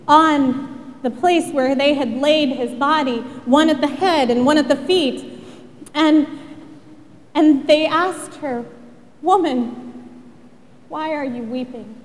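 A woman pastor delivering a sermon in a church, telling the story dramatically and sinking to a hushed prayer. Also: high voice, long reverb tail. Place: church sanctuary.

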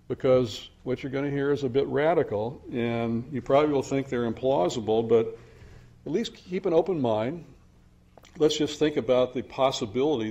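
An older man delivers an academic finance lecture at a conference, often hesitating and restarting while slipping in dry, self-deprecating humor. His voice is medium-pitched and darkish, and the audio is dull.

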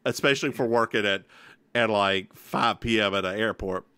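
A man co-hosting a podcast, telling stories in a sassy, animated way and acting out what people said. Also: fairly low pitch, moderate pace, clear, resonant tone, no echo. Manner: animated, acts out quotes, sassy. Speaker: podcast co-host. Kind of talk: casual chat, storytelling.

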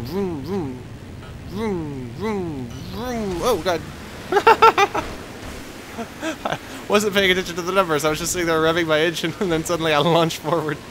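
A man with a Texan accent giving let's play commentary, excitable and yelping at crashes, rambling in self-deprecating asides. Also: mid-range voice, noisy background. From Texas. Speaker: gaming video host.

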